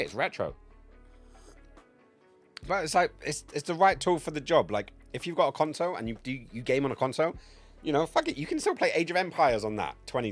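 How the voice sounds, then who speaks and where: Brief: male streamer, thirties, crude rambling humor, very animated pitch, faint music underneath. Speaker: game streamer. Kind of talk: casual livestream chat.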